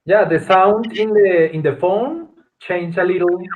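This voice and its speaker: A man whose native tongue is Spanish, leading an online class in halting English with grammar slips. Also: sits high. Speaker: class leader. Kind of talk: casual online class talk. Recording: tinny video call line.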